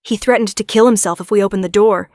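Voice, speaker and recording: A woman's voice: mid-range voice, quick pace, a little mellow, no room sound, studio quality, close to an everyday voice. A woman voicing a flustered, defensive male police officer.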